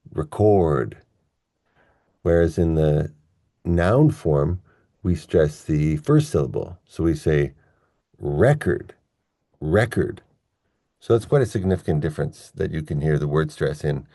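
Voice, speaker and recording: A man teaching English pronunciation in an online lesson, patiently explaining step by step and slowing down to demonstrate how words are stressed. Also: rumbling low, animated, gravelly, mellow, dry recording, studio quality.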